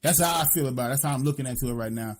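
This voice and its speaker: Talking very fast at a medium pitch, a Philadelphia man co-hosts a podcast in his Philly accent, blunt and profane throughout. "You know what I'm saying" comes up constantly, and a little hiss or hum runs under the recording.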